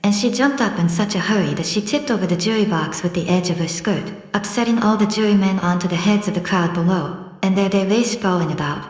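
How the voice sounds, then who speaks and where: A woman narrating a classic storybook in a measured, gently expressive reading. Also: mid-range voice, echoey room. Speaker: audiobook narrator.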